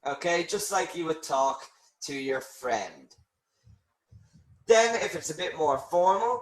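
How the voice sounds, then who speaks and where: A man's voice: fairly high pitch, big pitch swings, slow pace, roomy sound, low-quality recording. A man teaching an English lesson in a patient, reassuring way, reading example phrases aloud and explaining them. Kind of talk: live online English lesson.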